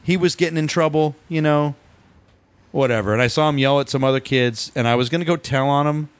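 A man's voice: on the high side, brisk, smooth. Rambling, cursing man storyteller. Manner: rambling storyteller, swears freely. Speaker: podcast co-host. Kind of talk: casual chat.

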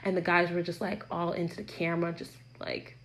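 A young adult woman telling a casual story to her camera, blunt and animated, swearing freely. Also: fairly low pitch, brisk, rough recording. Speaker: vlogger.

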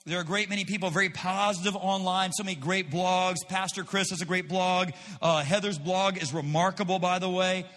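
High bright-voiced man preaching in a hall. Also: fairly even intonation, a little fast, few pauses. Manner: emphatic, repeats phrases, mocking asides. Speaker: pastor. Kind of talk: sermon.

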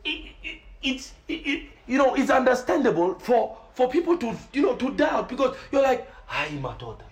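A man, a preacher telling a story in an excited way, often repeating words and laughing as he talks. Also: extremely high pitch, moderate pace, reverberant, poor audio. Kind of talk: animated storytelling.

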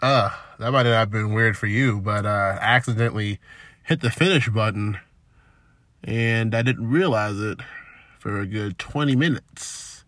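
A man's voice: fairly low pitch, a little slow, fairly bright tone, dry recording, clean studio sound. A man hosting a solo podcast, rambling loosely and self-deprecatingly, drifting from topic to topic. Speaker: podcast host.

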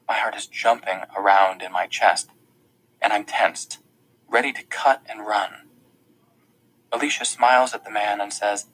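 A man's voice: lowish voice, moderate pace, a bit bright, poor audio. A man reading a first-person audiobook in an earnest, tense storytelling manner. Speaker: audiobook narrator.

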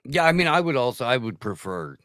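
A man in casual podcast chat who gives blunt opinions in halting bursts full of fillers. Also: mid-range voice, sing-song, a bit bright, dry recording, studio quality.

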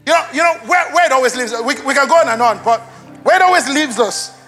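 A high, bright male voice delivers a church sermon, joking easily with the room before building to loud, fervent emphasis. Faint music plays underneath him. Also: expressive, fast talker. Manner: playful, conversational, rising to loud emphatic preaching. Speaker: pastor.

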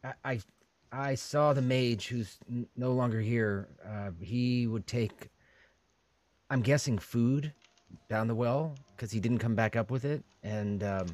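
A man's voice: mid-range voice, darkish tone, dry recording, natural voice. A man voicing a nervous villager. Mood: uneasy. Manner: hesitant, slow and searching.

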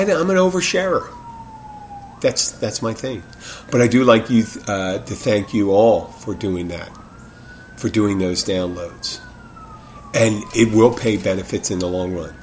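A man's voice: mid-range voice, a little hiss or hum. A man hosting his own podcast in a casual solo monologue, rambling and restarting his sentences, speaking frankly with the odd curse. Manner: rambling, self-interrupting, frank and profane. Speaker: podcast host.

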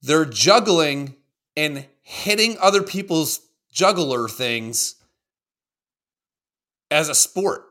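A man chatting loosely on a livestream, reacting to clips with lots of cursing and jokes. His voice is bright and edgy and leaps around in pitch. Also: takes it slowly, pauses often. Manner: animated, profane, joking. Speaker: co-host. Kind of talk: casual livestream video reaction chat.

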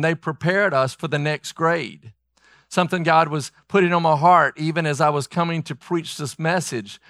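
A male pastor preaching with a fairly high voice. He swings from loud, pleading appeals down to quiet, low lines. The sound is close and dry. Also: no room sound. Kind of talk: sermon.

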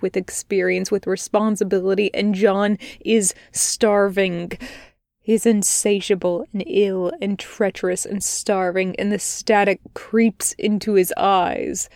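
A woman reading fan fiction aloud as a podfic, in a quiet, measured narration. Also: medium pitch, vocal fry, dry recording, studio quality. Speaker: podfic reader.

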